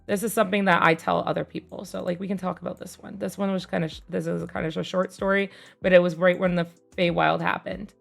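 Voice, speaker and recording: A young woman streamer casually telling a tabletop game story, rambling with fillers and casual swearing, growing more animated as it goes. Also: on the low side, fast talker, gravelly, faint music behind. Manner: gets louder and more animated as the story builds.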